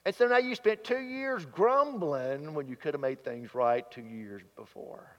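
A man's voice: on the high side, a little slow. A man preaching a sermon in a folksy, plain-spoken way, reading scripture aloud. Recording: dull sound, long hall reverb.

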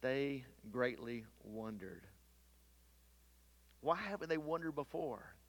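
A man preaching a sermon, swinging between loud emphatic peaks and hushed low asides, and reading scripture aloud. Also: lively intonation, takes it slowly. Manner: reads scripture aloud in King James wording.

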